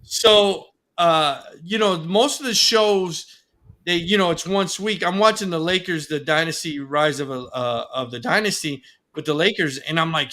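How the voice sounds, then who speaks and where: A man hosts a casual talk show, rambling and padding with fillers. His voice is bright and forward, pitched a little high. He talks like he's among friends. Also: moderate pace. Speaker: podcast host. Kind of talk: casual chat.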